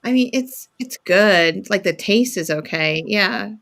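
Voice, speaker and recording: A woman's voice: medium pitch, lively intonation, a bit bright. A woman chatting casually as a guest, easygoing, with frequent short replies. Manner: easygoing, quick back-channel replies. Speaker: guest in a sewing circle chat. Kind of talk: casual chat.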